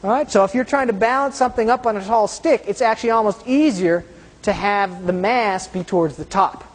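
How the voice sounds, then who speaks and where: A woman teaching a science lesson through hands-on demonstrations, pausing often to check that her listeners follow. Her mid-pitched voice carries a long echo from a large room. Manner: explains while doing hands-on demonstrations, often checking in with "okay?". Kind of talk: classroom demonstration lecture.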